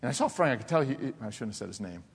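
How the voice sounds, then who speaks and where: Animated male pastor in echoing sanctuary. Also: medium pitch, racing, creaky, slightly rough. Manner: animated storyteller, laughs often, drops to soft intense tones. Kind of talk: sermon with personal stories. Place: church sanctuary. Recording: long reverb of a church hall.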